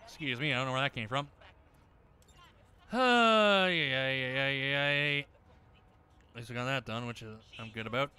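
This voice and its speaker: A man commentating his own shooter gameplay, swearing often and breaking into loud shouts at enemies. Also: medium pitch, normal speed, long pauses. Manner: profane, bursts into yelling at enemies. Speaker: gameplay streamer. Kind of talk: let's-play commentary.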